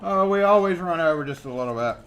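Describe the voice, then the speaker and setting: A man's voice: a little high, fast. A man hosting a live stream, reading old magazine letters aloud with theatrical flair and joking asides. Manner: animated, jokey, theatrical reading. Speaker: host.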